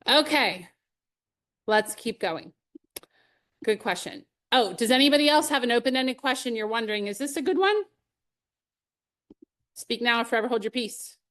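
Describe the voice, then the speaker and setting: A woman's voice: a little high, normal speed, fairly bright tone. A middle-aged woman leading a live sales training webinar, upbeat and conversational, with personal anecdotes and light laughs.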